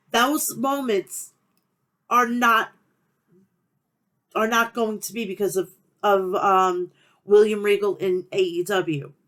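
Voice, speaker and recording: A woman's voice: medium pitch, fairly bright tone. A woman with a nasal Long Island New York accent hosting a wrestling podcast, talking in a profane, passionate, rambling rant. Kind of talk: casual rant.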